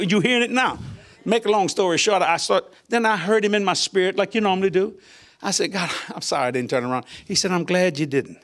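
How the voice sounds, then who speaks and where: An older man who is a minister appears as an interview guest to share his personal testimony. He's animated, chuckles often, and acts out the voices of people he quotes, and his voice sits high.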